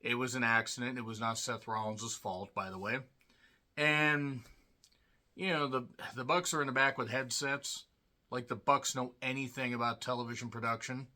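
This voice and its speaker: A man's voice: mid-range voice, fairly even intonation, moderate pace, bright, forceful tone. A man giving a casual solo review of a wrestling show, blunt and sarcastic, swearing freely and sounding tired.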